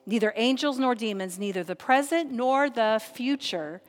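A woman delivers a sermon from a pulpit, building emphasis through repetition and dramatic pauses. Her voice carries a long reverb tail, as if recorded in a large hall. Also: fairly high pitch. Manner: emphatic preaching with repeated phrases and dramatic pauses. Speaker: pastor.

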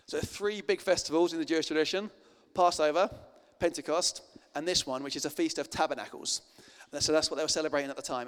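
A man's voice: fairly high pitch, clean tone. A male pastor giving an informal, chatty sermon with fillers and restarts. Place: church meeting hall. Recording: long reverb in a hall.

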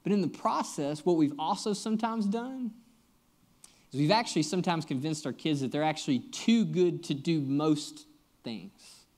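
Man, 30s, pastor, sermon storytelling, slightly high voice, earnest, conversational, emphatic swings in pitch and volume. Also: moderate pace, darkish tone. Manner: conversational, earnest, addresses the congregation directly.

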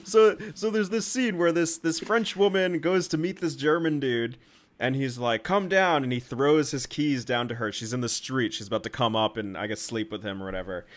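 A man's voice: mid-range voice, steady tone, moderate pace. A man co-hosting a film podcast, chatting casually, laughing often and rambling with lots of "like". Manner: laughs often, loose and rambling with many likes. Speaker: podcast co-host.

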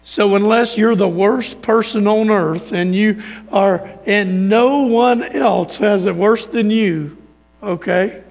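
A man preaching a sermon as a pastor, rising to emphatic points and dropping to quiet, low asides. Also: slow, gravelly, big-room sound. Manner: preaching with swings from raised emphasis to quiet near-murmur.

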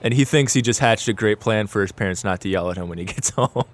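Deadpan man at a tabletop game. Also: lowish voice, quick pace. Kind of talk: casual tabletop role-play chat.

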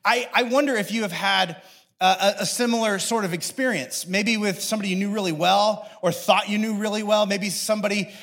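A man giving a sermon as a pastor, telling family stories in a lively way and acting out his children's voices. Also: sits high, a little fast. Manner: lively storytelling, acts out his kids' voices.

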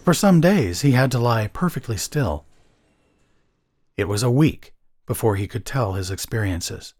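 A man narrating an audiobook story in an expressive storytelling manner. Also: medium pitch, a little slow, no room sound.

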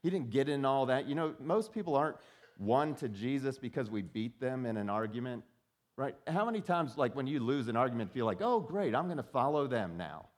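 A man delivers a sermon in a relaxed, conversational manner. His voice sits at an ordinary middle pitch. He often repeats words as he starts a thought and acts out the voices he quotes. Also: brisk. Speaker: pastor.

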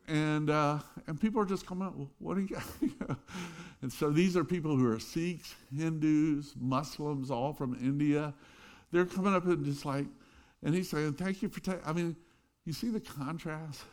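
A middle-aged man preaching a sermon, telling stories with loud bursts and quiet asides. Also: a little high, moderate pace. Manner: animated storytelling, swings between loud bursts and quiet asides. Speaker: pastor.

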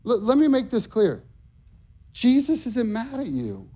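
A middle-aged male pastor delivering an impassioned sermon, building to emphatic shouts. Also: very high-pitched, huge pitch swings, unhurried.

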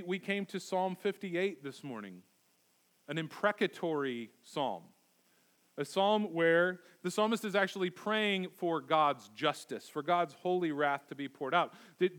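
A pastor preaching a sermon in a church, emphatic and repeating key words for stress. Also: male voice, high voice, a bit bright. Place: church sanctuary.

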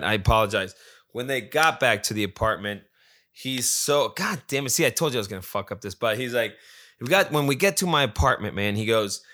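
A man telling a story in a loose, rambling way, swearing freely and stopping to correct himself when he loses the thread. He slips into quoting his friend as he goes. His voice is bright and forceful at a mid pitch. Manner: profane, rambling, acts out quoted friend. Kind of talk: casual storytelling.

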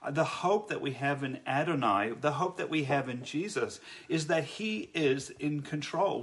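A man speaks with an earnest, reflective tone about faith. His voice sits a little higher than most men's. He often stops short and restarts his sentences. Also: fairly bright tone. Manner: earnest, halting, many restarts. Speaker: Christian speaker.

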